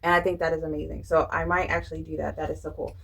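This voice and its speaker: A young woman vlogger telling a rambling, animated story in a casual chatty way, full of fillers and restarts. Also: sits low, fast talker, gravelly, breathy edge, rough recording. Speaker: budgeting and planner vlogger.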